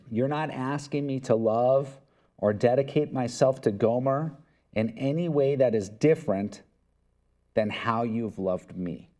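This is a man preaching a sermon with a warm, mellow voice at an average pitch. He talks to his congregation in an earnest, conversational way. He slips into quoted back-and-forth dialogue. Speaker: pastor.

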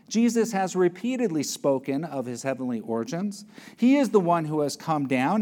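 Emphatic male preacher with a higher voice. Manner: emphatic, varies pitch and loudness for stress. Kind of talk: sermon.

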